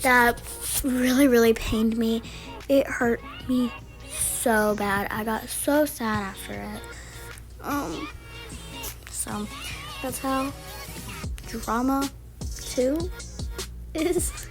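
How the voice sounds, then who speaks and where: A woman's voice: sits high, a little mellow, poor audio. A woman telling a rambling storytime vlog in a chatty way, full of restarts. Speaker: vlogger.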